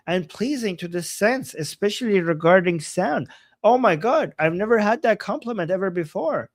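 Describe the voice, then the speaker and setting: High-voiced man ranting in a dry room. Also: no room sound. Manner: heated, swears freely, quick swings from soft to loud; reads viewer chat aloud. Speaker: livestream host reacting to clips. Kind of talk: casual reaction commentary.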